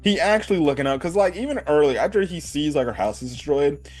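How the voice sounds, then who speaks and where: A man's voice: a little high, lively intonation, fast, soft background music. A man casually recapping an anime episode, rambling with lots of fillers and cursing. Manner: rambling, swears, many fillers like "like" and "right". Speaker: anime reviewer.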